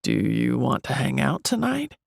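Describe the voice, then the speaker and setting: Casting: woman doing a rumbly-voiced, easygoing young guy, low and gravelly, in a dry booth. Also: very animated, normal speed, dry recording, heavily acted.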